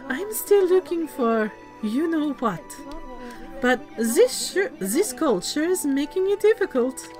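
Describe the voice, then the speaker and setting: A woman's voice: high voice, very animated, a little mellow, soft background music, pitched above the performer's own voice, exaggerated voice. Woman doing a smug French-accented prophet. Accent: put-on French. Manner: slow, suave, mock-elegant. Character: smug male prophet, pretty boy, theatrical.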